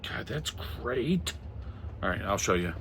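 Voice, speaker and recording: A husky, fairly bright voice of medium pitch belongs to a middle-aged man who is very animated but unhurried. He collects comics and pulps and casually shows off old pulp magazines, reading their titles aloud with wry, muttered asides.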